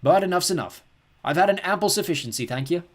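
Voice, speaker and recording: A man's voice: high-pitched, lively intonation, quick pace, pitched above the performer's own voice. A man voicing a cheerful, joking father in an audiobook, chatty and teasing. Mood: jovial.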